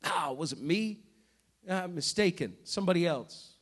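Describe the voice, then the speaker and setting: Guy acting out a scared disciple, stammering denials, high voice, sermon retelling. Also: expressive, moderate pace, a bit bright, husky, full character voice. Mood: fearful. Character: Peter, a frightened, flustered disciple denying his master.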